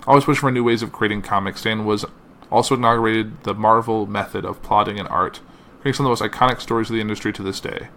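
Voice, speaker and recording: A man's voice: lowish voice, fairly even intonation, sharp tone, slight background noise. A man hosting a podcast, reading a tribute and quoted messages aloud, with slips and uh fillers. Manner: reads slowly with uh fillers and slips. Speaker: podcast host.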